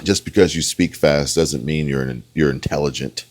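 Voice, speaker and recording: A man's voice: rumbling low, normal speed. A man giving opinionated, rambling reaction commentary on a debate clip, often punctuating his points with "okay?". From United States. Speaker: online political commentator.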